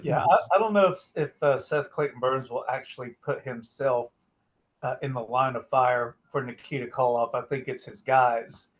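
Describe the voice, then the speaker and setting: A man co-hosting a wrestling talk show, speaking in a measured, somewhat hesitant way. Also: medium pitch, low-quality recording. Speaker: co-host. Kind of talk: casual chat.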